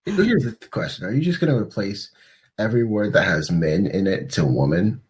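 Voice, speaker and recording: A man's voice: on the low side, animated, normal speed, slightly rough. A young man co-hosting a podcast in casual chat, rambling and laughing a lot. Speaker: podcast co-host.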